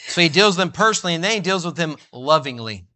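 Male preacher, fervent sermon delivery, bright and forceful voice, a bit high. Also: lively intonation. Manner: fervent, rising to near-shouts when voicing Jesus; reads scripture in old-fashioned wording, slowing for emphasis.

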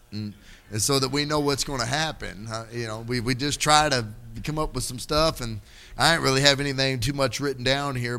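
Pastor in his thirties, bright ringing tone, testimony into fiery preaching. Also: mid-range voice. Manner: rising to loud, drawn-out preaching. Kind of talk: sermon with personal testimony.

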